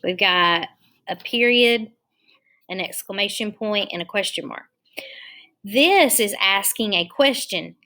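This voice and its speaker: A woman teaching young children in an online lesson, dictating sentences slowly and spelling words out letter by letter. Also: mid-range voice, lively intonation, bright, forceful tone.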